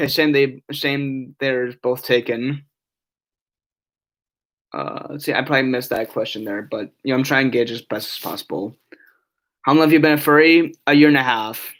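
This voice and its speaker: A man's voice: medium pitch, a bit bright. Rambling young man chatting on stream. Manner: rambling, with many restarts and fillers. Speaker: live streamer. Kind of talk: casual live-stream chat. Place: his bedroom.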